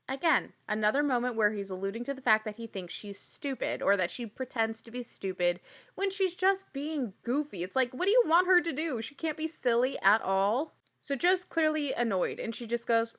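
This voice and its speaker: Sarcastic, animated woman recapping a show. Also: fairly high pitch, moderate pace. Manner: animated, sarcastic, laughs often, acts out quotes. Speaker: podcast host recapping a reality show. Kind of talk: casual rewatch recap chat.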